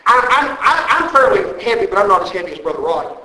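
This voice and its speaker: A male preacher with a very high, bright voice delivers an emphatic sermon full of repetition and rhetorical questions. His voice rings through a roomy church sanctuary with plenty of echo. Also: big pitch swings, fast talker.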